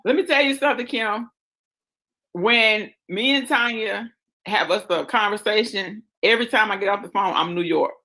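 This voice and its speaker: A man with a Southern accent, co-hosting a casual chat show in an animated, teasing way. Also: sits high, moderate pace, rough recording. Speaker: show co-host.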